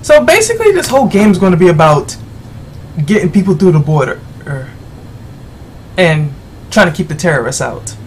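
A gamer giving rambling, exasperated commentary while playing, yelling at the game's characters. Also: mid-range voice, big pitch swings, moderate pace, pauses often, slight background noise. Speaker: let's play gamer. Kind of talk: gameplay commentary.

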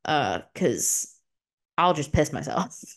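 A young adult woman hosting a solo podcast, talking openly and emotionally and swearing freely, her voice jumping up high when she gets excited. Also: takes it slowly, vocal fry. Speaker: podcast host. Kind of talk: solo confessional podcast talk.

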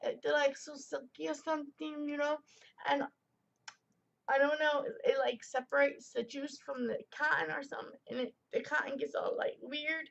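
A woman's voice: high voice, level tone, moderate pace, gravelly, fairly bright tone, dull audio. A young woman rambling through a casual product review vlog in a chatty way, full of fillers and tangents.

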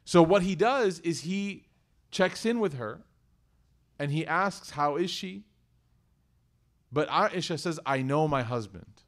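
Male community speaker at mid pitch, telling a story, animated with hushed asides. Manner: animated storyteller, swings between loud emphasis and hushed asides. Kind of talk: storytelling talk to a congregation.

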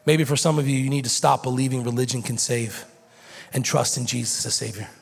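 Gravelly-voiced male pastor preaching. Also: medium pitch, steady tone, brisk. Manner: builds from quiet teaching to loud shouted preaching. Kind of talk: sermon. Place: church sanctuary. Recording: long hall reverb.

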